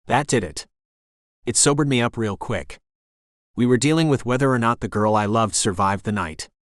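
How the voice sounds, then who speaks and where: A man's voice: medium pitch, normal speed, no echo. A man narrating a romance audiobook in the first person, with an intense, dramatic delivery on a studio microphone.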